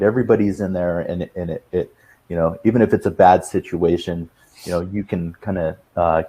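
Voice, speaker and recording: A man's voice: low-pitched, a little mellow. A man speaking as a panelist, giving advice in a loose, rambling way with many fillers and "right?" tags. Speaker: webinar panelist. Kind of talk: conversational advice talk.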